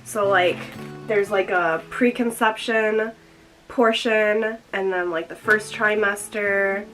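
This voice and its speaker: A woman's voice: mid-range voice, fairly even intonation, slow pace, fairly bright tone, soft background music, poor audio. A young woman chatting casually in a vlog, slightly out of breath, filling her talk with "like". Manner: chatty, fills with "like" constantly. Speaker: vlogger.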